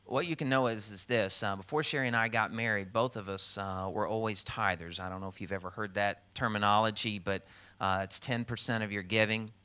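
Bright-voiced male pastor preaching. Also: lowish voice, fairly quick, clean tone. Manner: storytelling with animated acted-out quotes. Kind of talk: sermon.

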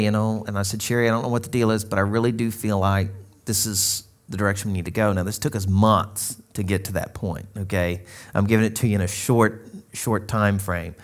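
A man's voice: on the low side, fairly even intonation, brisk, fairly bright tone. A man from Arkansas in his thirties, preaching a sermon in a conversational, storytelling way and acting out quoted dialogue. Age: 30s. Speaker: pastor.

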